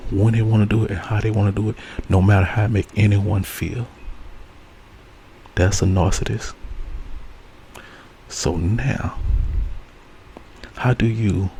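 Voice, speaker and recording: A man with a low, warm voice gives an ASMR spiritual advice talk. He speaks earnestly and circles back to the same phrases like a preacher. A faint hiss sits under his voice. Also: poor audio. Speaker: host.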